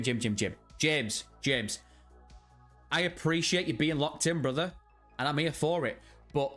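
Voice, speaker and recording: A man's voice: on the high side, a bit bright. A man hosting a casual livestream, jokey and rowdy, swearing freely and greeting chat members by name. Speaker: livestream host. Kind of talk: casual live stream chat.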